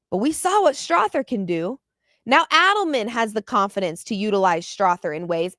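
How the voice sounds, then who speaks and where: A woman with a fairly high voice hosts a basketball postgame podcast, recorded dry with studio quality. She talks with passion and open emotion, and when she gets fired up she becomes animated and repeats her words.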